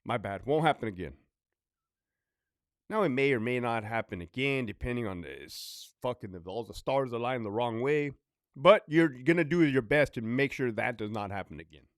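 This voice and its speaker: In a blunt, swear-heavy storytime rant full of repetition, a man who used to be a prison officer talks at normal speed. His intonation is lively with big pitch swings, and the close, dry sound has no echo.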